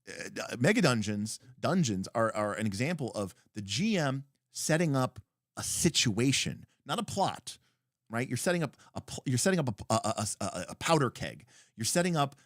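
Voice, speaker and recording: A man's voice: medium pitch, no room sound. Rambling male game-master storyteller, dry mic. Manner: rambling, animated storytelling with many fillers and restarts. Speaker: podcast co-host telling a game story. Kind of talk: casual livestream chat.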